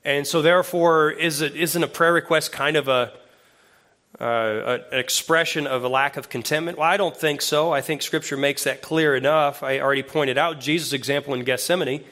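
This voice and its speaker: A man's voice: a little high, moderate pace. Conversational male associate pastor preaching. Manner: conversational, lively when quoting scripture. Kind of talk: sermon.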